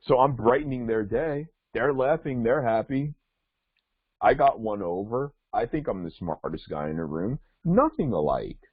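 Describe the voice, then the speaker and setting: A man's voice: mid-range voice, lively intonation, moderate pace, slightly rough, no echo. A male podcast host telling a rambling story in casual chat, full of restarts and fillers. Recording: tinny phone-like line.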